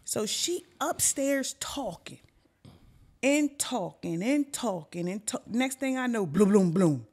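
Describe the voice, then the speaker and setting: Young woman podcast host: animated, profane storyteller who jumps into other characters' voices, with a highish pitch that swings a lot. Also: slow pace. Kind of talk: casual comedic storytelling.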